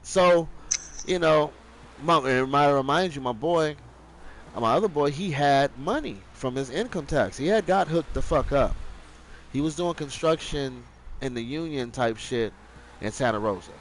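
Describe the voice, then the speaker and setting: A man's voice: a little high, normal speed, a little hiss or hum, low-quality recording. A young man streaming live, telling a rambling story in casual, profane slang.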